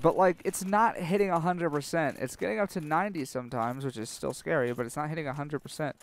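A young man commentating his own gameplay, sarcastic and self-mocking, swearing freely and panicking out loud when things go wrong. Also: fairly high pitch, fast talker, hardly any pauses. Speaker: let's play commentator.

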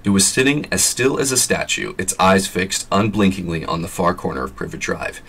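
Low, husky man reading a story aloud. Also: animated, a little fast, a bit bright. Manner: plain reading pace, chatty asides. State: scratchy throat. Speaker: vlogger reading an audiobook. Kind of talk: reading a novel aloud with casual asides.

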